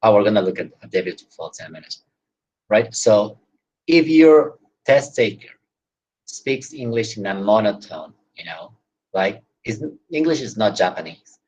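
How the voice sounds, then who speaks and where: Low-voiced male teacher, constantly asking "right?". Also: very animated, a little slow, a little mellow, slightly rough, highs cut off. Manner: explanatory, with frequent "right?" and "you know" tags. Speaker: English teacher. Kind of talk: online class explanation.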